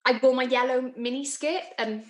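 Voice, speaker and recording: A woman's voice: sits high, steady tone, normal speed, natural voice. An actress playing a lovestruck young office woman who chats and giggles through her confession, recorded in an echoey room. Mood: confiding. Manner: chatty, confiding, giggly asides. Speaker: actor in a monologue. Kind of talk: theatrical monologue.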